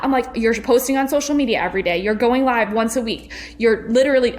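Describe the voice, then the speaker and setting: A woman's voice: on the high side, quick pace, a little mellow. A woman, hosting a casual motivational podcast from her home kitchen in a chatty, upbeat, folksy way. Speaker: podcast host and network marketing coach.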